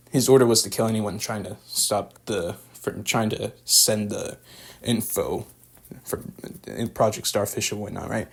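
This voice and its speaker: A man's voice: fairly low pitch, creaky, breathy edge. A young man recapping and reviewing a show in a loose, rambling way, full of fillers and slang. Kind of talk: casual spoken recap and review.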